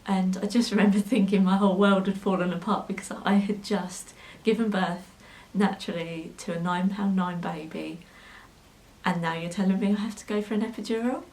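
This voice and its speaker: A woman's voice: medium pitch, fairly even intonation, moderate pace, darkish tone, rough recording. Hesitant young woman vlogger. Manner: hesitant, many ums, gets emotional. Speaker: sewing vlogger. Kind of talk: personal storytelling to camera.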